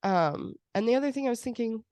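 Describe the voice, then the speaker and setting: A woman hosting a podcast in casual chat, animated and acting out quoted voices with laughs. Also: a little high, fast talker, no echo. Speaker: podcast host.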